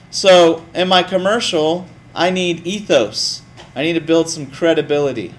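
In a lively, easygoing lecture, a male teacher with a somewhat high voice keeps posing questions to the classroom.

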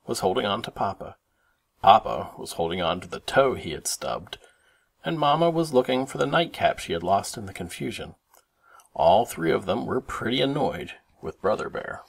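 Gravelly, animated storybook reader, man. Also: fairly low pitch, normal speed. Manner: expressive, animated read-aloud. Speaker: parent reading aloud. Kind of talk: children's storybook narration.

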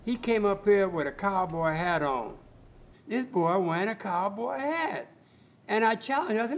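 A man's voice: sits high, lively intonation, normal speed. An older man telling his life story in a casual, colloquial interview and acting out the voices of people he quotes. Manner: colloquial, laid-back, acts out quoted voices. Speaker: interviewee, cowboy.

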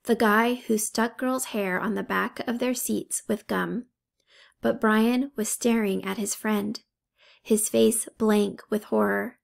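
A woman reading a children's novel aloud in a calm, measured way. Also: mid-range voice, gravelly. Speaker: audiobook reader. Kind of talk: storybook narration.

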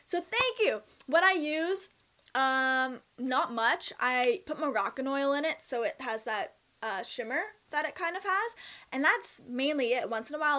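A young Canadian woman with a Canadian accent, chatting in a casual question-and-answer vlog, bubbly and expressive. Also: sits high. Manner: bubbly, chatty and expressive, with laughs and emphatic swings. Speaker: vlogger.

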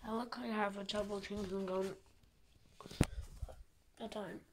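A teenage girl from Australia with an Australian accent, rambling fast and mocking herself in a casual vlog while tidying her bedroom, often dropping to a whisper. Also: mid-range voice, fairly even intonation. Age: teens. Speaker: vlogger. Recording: distant phone mic with background hiss.

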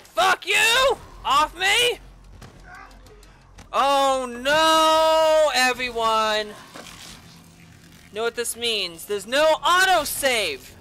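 A woman giving gameplay commentary, yelling and swearing at the game, with sarcastic asides between outbursts. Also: very high-pitched. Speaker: gaming channel host.

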